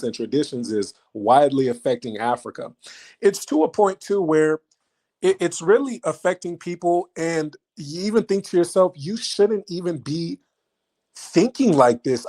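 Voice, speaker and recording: Talking casually to his chat, a livestream host with a mid-range voice sounds animated and mocking. He keeps firing repeated questions at the audience.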